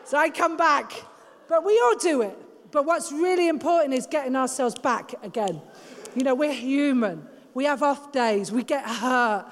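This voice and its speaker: A woman preaching a sermon to a women's gathering in an emphatic, exhorting, animated way. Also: sits high, normal speed. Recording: long hall reverb.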